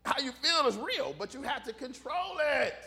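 A man preaching a casual, humorous sermon, animated and conversational, joking with the congregation. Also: very high-pitched, moderate pace, creaky.

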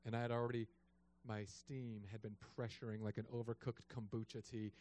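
A man in his thirties, a pastor, telling a story in a sermon with an animated, joking delivery. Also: mid-range voice, fairly quick. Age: 30s.

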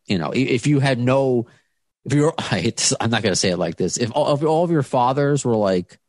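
A man's voice: medium pitch, expressive, fairly quick, a little mellow, dry recording. A man hosting a podcast interview, talking casually and rambling with many restarts and fillers. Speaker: podcast host.

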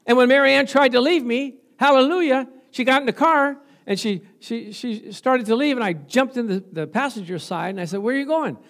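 A man's voice: extremely high pitch, brisk, few pauses, fairly bright tone. A middle-aged male pastor preaching a sermon, telling stories with laughter and frequent praise interjections.

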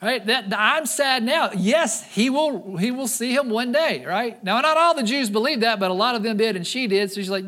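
A man preaching a sermon as pastor, with a high voice and a lively, animated delivery. He now and then slips into the voices of people in the story he is telling. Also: normal speed, few pauses.

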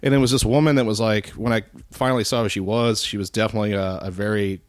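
A man's voice: lowish voice, steady tone, fast, no echo, studio quality. A man telling a long, profane, rambling anecdote in casual podcast chat, mimicking the people in it. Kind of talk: casual storytelling.

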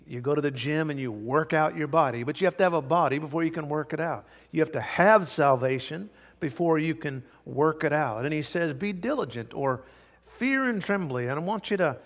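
Older man, pastor, sermon, emphatic, soft asides, higher voice, reverberant hall. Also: a little fast, few pauses. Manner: earnest, emphatic preaching with sudden soft asides. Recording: long reverb of a large hall.

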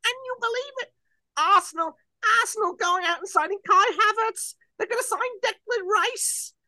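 A man doing an exaggerated Liverpool-accented football pundit, shrill and near sobbing. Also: moderate pace, sharp tone, no echo, exaggerated voice. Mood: anguished.

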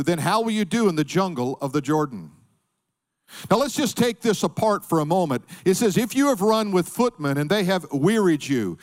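A middle-aged man preaching a sermon, emphatic, calling on the congregation to answer back. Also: sits high. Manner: emphatic preaching with call-and-response. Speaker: pastor.

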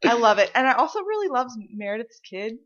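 A woman's voice: a little high, very animated, quick pace, a bit bright, dull audio. A woman co-hosting a podcast in casual chat, chatty and enthusiastic as she walks through an episode list. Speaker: podcast co-host.

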